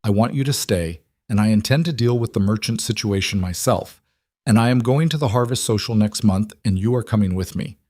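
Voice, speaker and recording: A man voicing a steady, blunt cowboy rancher in a storybook reading, speaking in a measured, firm, plain-spoken way. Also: fairly low pitch, dry recording, lightly acted.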